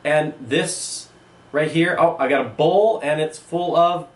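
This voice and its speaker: A man's voice: a little high, slow pace, distant mic. A man teaching an art lesson, thinking aloud as he handles and describes objects one by one. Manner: musing, thinks aloud as he touches things. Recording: echoey room, voice from away from the mic, faint background hum.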